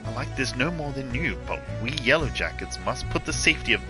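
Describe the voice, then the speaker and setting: A man voicing a stern, dutiful guard officer in a formal, measured way. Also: mid-range voice, lively intonation, music in the background, natural voice, poor audio. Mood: grave. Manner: formal, measured reading of quest dialogue.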